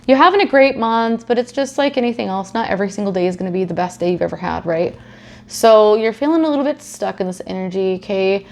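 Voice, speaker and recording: A woman's voice: mid-range voice, fast talker, creaky, darkish tone. A young adult woman giving a casual tarot reading, chatty, swearing freely and acting out silly scenarios. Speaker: tarot reader.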